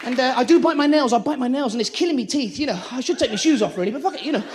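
A man doing an excitable stand-up comedy routine on a theatre stage, swearing freely. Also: very high-pitched, very fast, heavy background noise. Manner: frantic, excitable, swears a lot. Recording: live theatre recording with loud crowd. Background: loud audience laughter.

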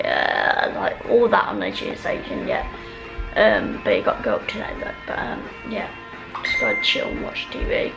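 A woman's voice: medium pitch, creaky, rough recording. A woman chatting at home in a casual, rambling vlog, full of ums and restarts. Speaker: vlogger.

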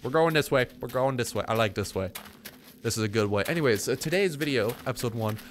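A man's voice: mid-range voice, expressive, fast, slight background noise. A young man giving rambling, self-mocking commentary while playing a survival game. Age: young adult. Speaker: gaming YouTuber. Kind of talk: casual let's-play commentary.

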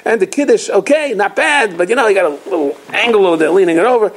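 A man's voice: sits high, lively intonation, quick pace, pitched above the performer's own voice. A man voicing a starving, impatient guest at his first holiday meal, complaining and exasperated. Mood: grudging.

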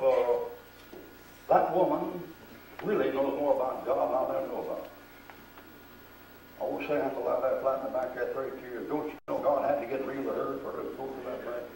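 A man's voice: medium pitch, darkish tone, recorded from a distance, a little hiss or hum. An older man preaching a sermon, telling folksy stories and acting out the voices of the people in them. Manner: folksy storytelling, acts out quoted voices. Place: church. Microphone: far camera. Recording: roomy echo, recorded from afar.

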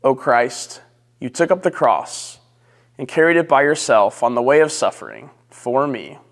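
A man's voice: mid-range voice, lively intonation. Male pastor, solemn scripture reading and prayer, long hall reverb. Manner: slow, solemn, measured reading. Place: church sanctuary.

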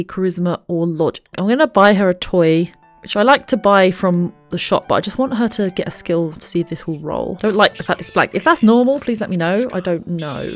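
A woman casually commentating her own gameplay, chatty and talking to her game characters, with frequent light laughs. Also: mid-range voice. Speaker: let's play host.

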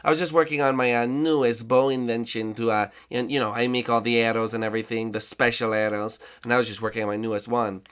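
A man voicing a laid-back male inventor brother in a low, relaxed drawl. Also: fast, few pauses, smooth, close to an everyday voice.

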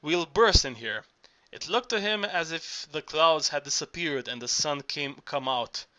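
Guy reading an audiobook, stumbles and restarts a lot, bright voice. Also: on the high side, lively intonation, normal speed. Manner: frequent slips and restarts. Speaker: audiobook reader. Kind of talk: audiobook narration.

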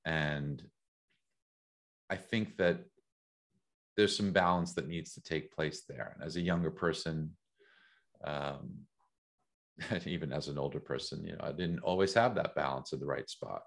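A middle-aged American man talking as an interview guest, thoughtful and measured, often repeating words as he thinks. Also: rumbling low, vocal fry. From United States. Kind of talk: reflective interview talk.

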